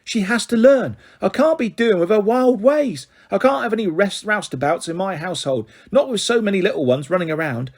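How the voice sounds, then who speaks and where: A man's voice: sits high, lively intonation, brisk, hardly any pauses, pitched above the performer's own voice. A man voicing a stern, fussing motherly woman who runs a big household.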